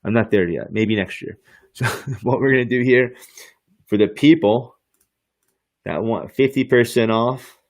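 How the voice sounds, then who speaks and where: A man hosting a podcast and walking through a software demo on screen, with hyped, slangy salesman patter and frequent laughs. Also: medium pitch, a little slow, long pauses. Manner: laughs often. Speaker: podcast host.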